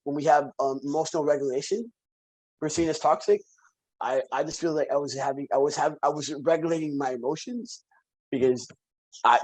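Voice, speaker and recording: A man guesting on a podcast, chatting casually as an animated storyteller who repeats phrases for emphasis. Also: on the high side, low-quality recording. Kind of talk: casual conversation.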